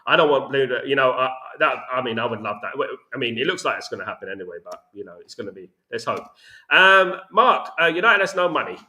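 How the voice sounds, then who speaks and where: A man's voice: mid-range voice, animated, quick pace, crowd noise. A man hosting a casual live stream, reading viewer comments aloud and answering them bluntly, often repeating himself. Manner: blunt, opinionated, repeats himself with "you know what I mean". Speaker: host reading viewer chat.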